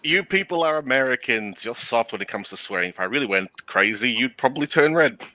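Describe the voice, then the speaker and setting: A man's voice: medium pitch, animated, fairly quick, sharp tone. A man with an Australian accent, teasing and joking in a casual group chat and swearing freely. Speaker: guest.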